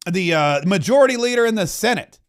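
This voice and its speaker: A man voicing an eager young male Senate aide who gushes excitedly about his new job. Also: high voice, fast talker. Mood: giddy.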